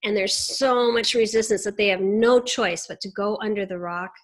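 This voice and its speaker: A woman's voice: mid-range voice, fairly even intonation, normal speed. A woman guest in a casual spiritual chat, explaining ideas confidently and reaching for metaphors.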